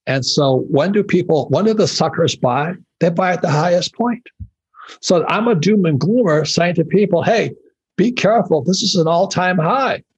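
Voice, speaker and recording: A man's voice: high voice, normal speed, breathy edge. A man in his seventies from Hawaii, a guest in an interview, telling blunt stories with profanity and laughter. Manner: profane, animated storytelling, laughs while talking. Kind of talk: blunt casual interview talk.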